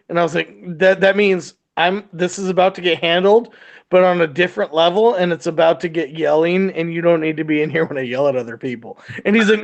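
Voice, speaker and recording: Man, high voice, casual garage chat, swearing storyteller who acts out his quotes. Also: quick pace. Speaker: military supervisor telling work stories.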